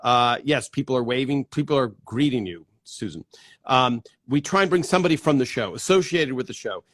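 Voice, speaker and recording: A man's voice: mid-range voice, expressive, brisk, fairly bright tone, no echo, clean studio sound. Chatty middle-aged man greeting his viewers. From New Jersey. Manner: chatty, greets viewers one by one, many fillers. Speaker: host. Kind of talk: casual livestream chat.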